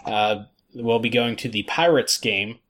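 A man hosting a podcast in casual chat, relaxed and rambling with lots of fillers. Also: lowish voice, unhurried, slight background noise. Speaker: podcast host.

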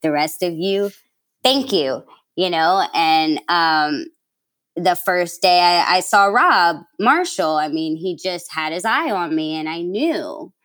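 A woman's voice: on the low side, expressive, slow, fairly bright tone. A young woman from New York City, a guest telling stories in a casual interview, chatty and laughing, with lots of fillers and acted-out quotes.

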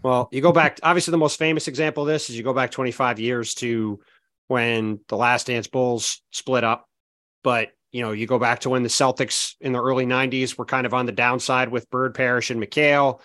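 Measured male sports reporter, dry mic. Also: medium pitch, fairly even intonation, a bit bright, no room sound. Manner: measured, builds arguments, fillers like "I mean, look". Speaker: basketball reporter, podcast panelist. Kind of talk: casual chat, analysis.

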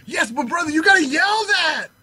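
Man playing a wired, preachy male sports agent for a podcast bit, very high husky voice, lively swings. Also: moderate pace, full character voice. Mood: pushy, fervent. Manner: fervent, preachy, yelling catchphrases. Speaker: podcast co-host. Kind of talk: comedic sketch impression of a pushy sports agent.

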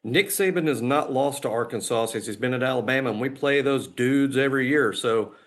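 A man's voice: medium pitch, a little fast. Easygoing male podcast co-host. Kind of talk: casual sports chat.

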